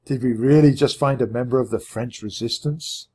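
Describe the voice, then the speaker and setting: Man voicing a young boy, nervous, cautious, worried, slightly husky, storybook voice. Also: mid-range voice, normal speed, warm tone, lightly acted.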